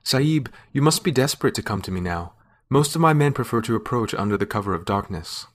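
A man's voice: medium pitch, animated, fairly quick, lightly acted. A man voicing a weary, proud young woman who speaks sharply and defiantly in a read-aloud story. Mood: mocking.

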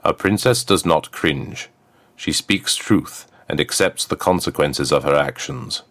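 A man voicing a stern, commanding king and father in a story reading, firm and measured. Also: rumbling low, fairly bright tone, dry recording, heavily acted. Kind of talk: audiobook character voice.

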